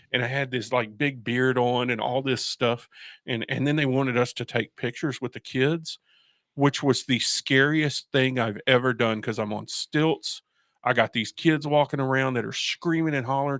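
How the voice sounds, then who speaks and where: A radio host with a gravelly, fry-edged voice. He chats loosely and rambles through anecdotes full of restarts. The studio sound is dry and close. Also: medium pitch, fairly even intonation, normal speed, fairly bright tone, no room sound. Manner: rambling storyteller, many restarts and laughs. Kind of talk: casual chat.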